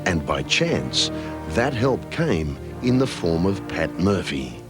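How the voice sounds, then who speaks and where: Very deep, slow documentary narrator man. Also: very animated. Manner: measured and solemn. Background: background music.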